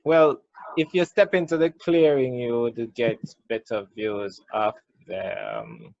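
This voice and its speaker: A man running a tabletop game, calmly explaining rules and describing scenes. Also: medium pitch, takes it slowly, vocal fry, dry recording. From Jamaica. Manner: calm, explains rules patiently. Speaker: game master. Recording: dull, dry lo-fi sound.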